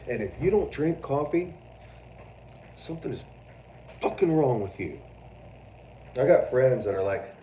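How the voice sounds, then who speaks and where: A man hosting a casual livestream, chatting with viewers in a loud, profane, animated way and mocking people in put-on voices. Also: medium pitch, measured pace, pauses often, reverberant, far from the mic, a little hiss or hum. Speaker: livestream host. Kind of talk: casual livestream chat reading viewer comments.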